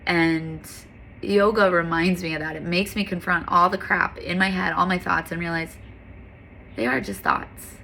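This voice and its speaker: Bright, earnest woman yoga instructor. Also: lowish voice, steady tone, moderate pace, vocal fry, a little hiss or hum. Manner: earnest, candid, with frequent fillers. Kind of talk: casual heartfelt monologue.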